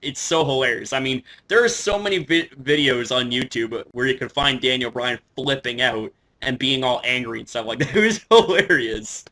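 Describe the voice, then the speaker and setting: A man giving casual wrestling commentary on his vlog, excitable, swearing often and padding his speech with fillers and restarts. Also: medium pitch, moderate pace, few pauses. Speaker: wrestling vlogger.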